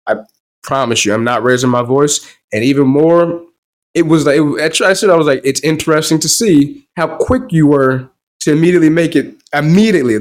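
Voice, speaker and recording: Young man, podcast host, solo storytelling, wry and animated, slightly high voice. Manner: animated, wry storytelling with quoted back-and-forth.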